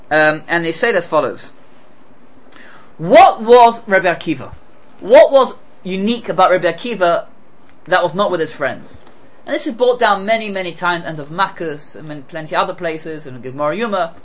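Animated man teaching a Talmud lesson. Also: low-quality recording. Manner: animated, rising pitch on questions and quotes. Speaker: Torah teacher.

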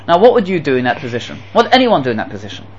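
A man's voice: on the high side, very animated, racing, highs cut off, a little hiss or hum. A man teaching a Torah lecture to his students, emphatic, repeating key phrases and asking the class rhetorical questions. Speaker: yeshiva teacher.

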